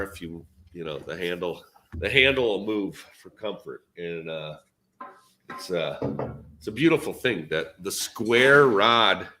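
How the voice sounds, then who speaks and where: Bright-voiced Minnesotan man, laid-back. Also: low voice, a little hiss or hum. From Minnesota, USA. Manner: laid-back, rambling, jokey. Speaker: dent repair technician. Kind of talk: casual podcast chat.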